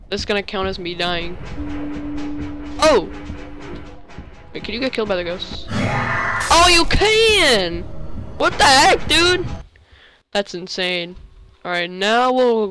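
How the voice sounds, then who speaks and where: A young male gamer giving rambling, excitable commentary while playing, often breaking into sudden outbursts. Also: high voice. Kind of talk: game commentary. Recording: faint music behind.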